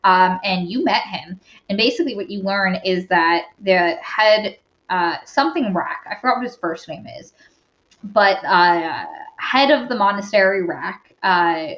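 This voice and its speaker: A woman's voice: mid-range voice, a little slow, fairly bright tone. Podcast co-host, woman, casual rambling recap with fillers, roomy and lo-fi. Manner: rambling retelling full of fillers and asides. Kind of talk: casual book-review chat. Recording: roomy dull lo-fi recording.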